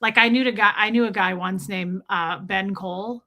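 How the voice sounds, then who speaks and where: A woman livestreaming from her countryside home reads out viewers' names and chats with them playfully. She speaks at a moderate pace in a bright, forceful mid-range voice with fairly even intonation.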